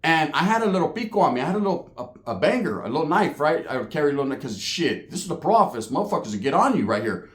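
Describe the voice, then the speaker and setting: A man hosting his own channel tells a story in a loose, profane, streetwise way. His voice sits a bit higher than most men's. The room around him is echoey. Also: sing-song, racing. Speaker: channel host telling a story. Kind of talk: casual storytelling monologue.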